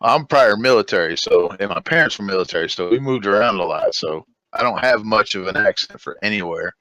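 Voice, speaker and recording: Southern accent guy from georgia, lowish voice, dry mic, laid back. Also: expressive, brisk, sharp tone, no echo, poor audio. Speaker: player. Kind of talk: casual chat.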